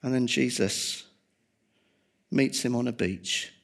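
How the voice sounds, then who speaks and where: A man preaching a sermon, swinging from loud emphasis to hushed, quiet tones. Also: medium pitch, takes it slowly, gravelly.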